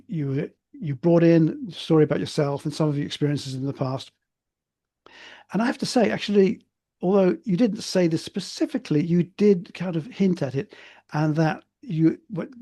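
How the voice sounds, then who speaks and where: A man's voice: on the high side, darkish tone. A man evaluating speakers at an online speaking club, encouraging and rambling, with many restarts, over a video call. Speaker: speech evaluator. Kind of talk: online club meeting feedback.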